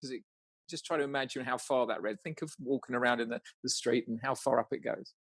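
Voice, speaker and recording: Male coach, husky mid-pitched voice, dry close sound, stammering casual delivery with frequent laughs. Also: fairly even intonation, a bit bright, no room sound. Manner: halting, restarts words, laughs often, swears casually. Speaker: coach guiding an exercise. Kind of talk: casual guided conversation.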